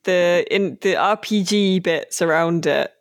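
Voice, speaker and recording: A podcast co-host chatting casually about a game, rambling with many fillers and slowing down on key words. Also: mid-range voice, no echo, clean studio sound.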